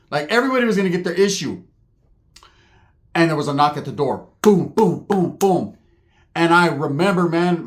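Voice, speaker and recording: A man telling a profane comedic story, slipping into high squeaky character voices. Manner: rapid slangy delivery, jumps into high squeaky character voices.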